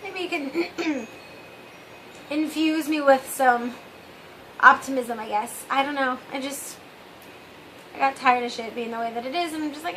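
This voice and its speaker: A woman with a high, sharply bright voice talks through a casual confessional vlog. She rambles and speaks candidly to her viewers, trailing off and undercutting herself with wry asides. A faint room hum sits behind her. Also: a little slow, long pauses, poor audio. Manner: rambling and candid, often trailing off with "I don't know"; wry, with self-mocking asides. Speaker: vlog host.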